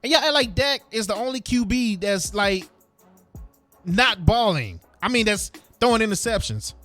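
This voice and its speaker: A man's voice: high voice, expressive, moderate pace, bright, forceful tone, soft background music. A man hosting a sports podcast, ranting heatedly in casual slang. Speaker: podcast host.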